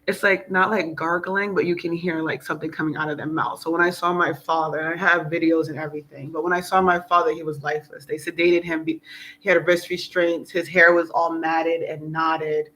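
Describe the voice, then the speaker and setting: A woman's voice: sits low, little pitch movement, brisk, a bit bright, rough recording. A woman talking in a casual, rambling spiritual vlog, earnest and emotional, preaching at times. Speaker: spiritual vlogger. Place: outdoors in South Florida.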